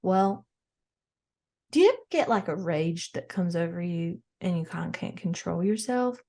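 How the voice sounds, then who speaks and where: A frazzled, gossipy, well-off mom, played by a woman hosting an improvised comedy podcast. She rambles through animated stories and acts out other people's lines. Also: on the low side, normal speed. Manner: rambling, animated storytelling with acted-out quotes. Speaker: podcast host character.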